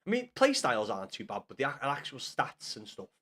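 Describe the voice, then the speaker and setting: A young man chatting casually with viewers on a live gaming stream, swearing often and bantering loudly with chat. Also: medium pitch, wildly swooping pitch, a little fast.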